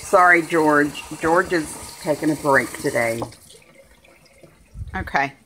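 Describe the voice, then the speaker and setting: A woman chatting casually in her home kitchen, talking homey and cooing at her dog in a high sing-song voice. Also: slow, a bit bright, slight background noise. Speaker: vlogger. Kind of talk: casual kitchen vlog chat.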